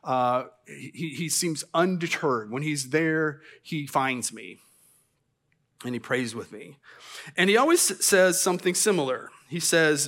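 A man's voice: fairly high pitch, animated, measured pace, fairly bright tone. A middle-aged man preaching a sermon as pastor, conversational with self-deprecating asides and stammered restarts. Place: church sanctuary.

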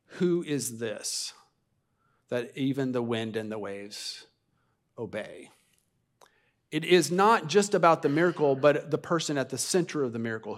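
A man preaching a sermon as a pastor in a church, talking in a loose, conversational way with repeated restarts and rhetorical questions put to the congregation. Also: mid-range voice. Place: church sanctuary.

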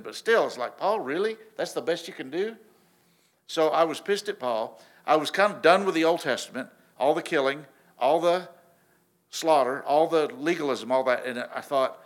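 Animated man preaching casually. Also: on the high side. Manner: casual, animated storytelling with frequent restarts. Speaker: pastor. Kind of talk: sermon.

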